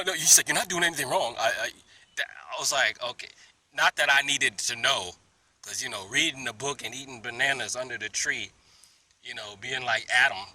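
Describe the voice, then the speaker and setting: A man telling a story to his phone camera in a park, animated, mimicking others in high voices and dropping to whispers. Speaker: vlogger. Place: outdoor park, under a tree.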